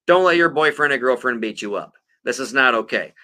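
A podcast co-host, tipsy after several beers, reads news articles aloud and jokes around with plenty of casual swearing. His medium-pitched voice is expressive, bright and pushed, moving a little fast.

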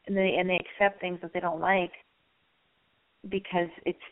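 A woman hosting a casual call-in radio advice show, raspy and hoarse from losing her voice, talking candidly in a rambling way and swearing freely. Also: lowish voice, little pitch movement, normal speed, narrow, tinny audio.

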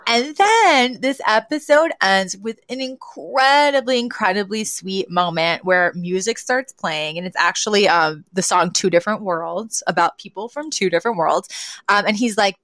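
A woman co-hosting a casual podcast, retelling a sitcom episode scene by scene. Her voice sits at an ordinary middle pitch, recorded close and dry with no room sound. She laughs often and slips into the characters' voices as she goes. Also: normal speed, dry recording. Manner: animated, laughs often, acts out quotes in different voices. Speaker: podcast co-host.

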